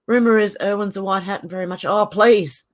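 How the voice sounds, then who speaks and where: Speaking fast in a steady, mid-range voice, this channel host, a middle-aged Australian woman, reads out viewer comments on her casual livestream. She's chatty and opinionated and laughs a lot.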